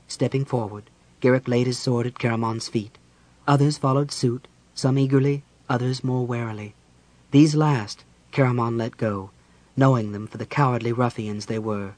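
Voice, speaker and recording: A man reading a fantasy audiobook aloud in a measured storytelling manner. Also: medium pitch, fairly even intonation, darkish tone. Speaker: audiobook narrator. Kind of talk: scripted fantasy narration.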